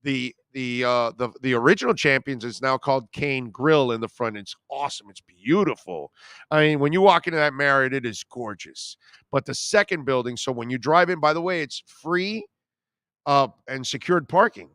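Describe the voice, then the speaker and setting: A man's voice: mid-range voice, normal speed, fairly bright tone, smooth, no echo, clean studio sound. A middle-aged man hosting a live sports radio show, chatting casually and reacting to comments with self-deprecating, emotional asides.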